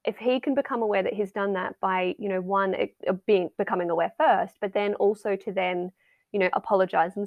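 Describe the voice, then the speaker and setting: A middle-aged woman with a gravelly, creaky edge to her voice talks casually as a podcast guest. She acts out little everyday scenes in quoted voices. The recording is close and dry. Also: mid-range voice, fairly even intonation, brisk, no echo, muffled recording. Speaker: wellbeing and mindset coach, guest.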